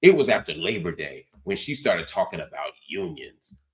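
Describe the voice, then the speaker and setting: Deep-voiced sarcastic man. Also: normal speed. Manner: animated, sarcastic, mocking. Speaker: host. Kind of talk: political commentary.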